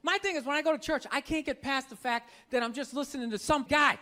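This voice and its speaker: High, bright-voiced ranting man. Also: quick pace. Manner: ranting, incredulous, profane. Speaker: stand-up comedian. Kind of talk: stand-up comedy. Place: stage before a live audience.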